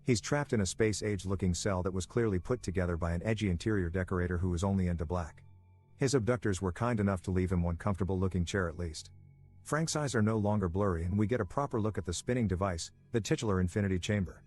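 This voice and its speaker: A man's voice: deep voice, quick pace, darkish tone, soft background music. A man narrating a scripted movie recap, with dry, wry asides.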